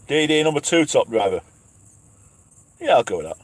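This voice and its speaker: A slightly high, sing-song voice at normal speed comes from an English trucker livestreaming from his cab after dark. He hosts his channel chattily, mocking himself, laughing often and reading viewer names and questions aloud.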